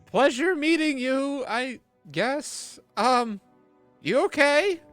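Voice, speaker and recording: Man putting on a jittery ledge guy, squeaky and very high, flustered, tabletop game voice, bright tone. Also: animated, slow pace, no echo, soft background music, full character voice. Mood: awkward.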